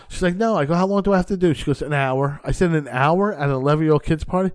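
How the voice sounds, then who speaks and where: A male stand-up comedian telling a casual, profane story as a podcast guest, acting out the dialogue with sudden jumps in pitch and loudness. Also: quick pace, few pauses. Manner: profane, rambling with frequent restarts.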